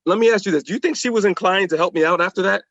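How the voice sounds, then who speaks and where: A man as a podcast guest, telling anecdotes in an animated way and acting out the quotes. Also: high voice, racing, no echo, dull audio. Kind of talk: storytelling in a podcast conversation.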